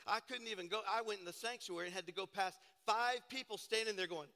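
A man preaching a sermon as pastor, hoarse from shouting, chatty at times and then building to emphatic preaching. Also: high-pitched, quick pace, in a large hall.

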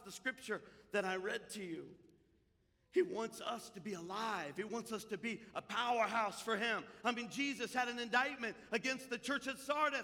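A man preaching a sermon as pastor, impassioned, swinging between loud proclamations and hushed storytelling. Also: very high-pitched, moderate pace, in a large hall.

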